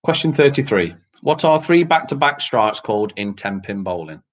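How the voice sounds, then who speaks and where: A man's voice: on the low side, very animated, moderate pace. A man hosting an online quiz night, reading out questions and answers in a casual, chatty way with frequent laughs. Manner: casual, chatty, laughs often, mild swearing. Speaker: quiz host.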